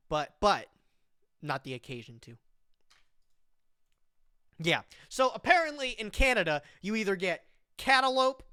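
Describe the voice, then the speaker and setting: In studio quality with no room sound, a medium-pitched streamer in their twenties hangs out casually on a live stream. They get animated and slangy, use "bro" a lot, and read web text aloud while reacting to it.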